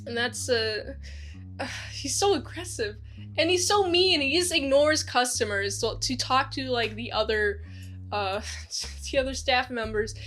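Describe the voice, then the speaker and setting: A woman giving a casual spoken movie review, rambling with lots of fillers and acting out lively quotes. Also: high voice, measured pace, faint music behind.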